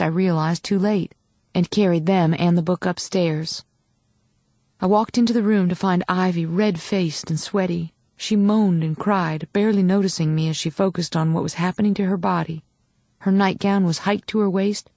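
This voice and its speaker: A woman reads a first-person audiobook in an intimate, measured way. Her voice sits low. The sound is close and dry, with no room around it. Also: gravelly, a little mellow, no echo. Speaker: audiobook narrator.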